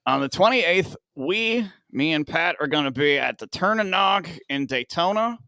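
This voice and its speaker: A man's voice: a little high, expressive, moderate pace, bright, forceful tone, no room sound. A man from Northern Illinois, in his thirties, co-hosting a podcast with casual, profane, self-mocking jokes. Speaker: podcast co-host.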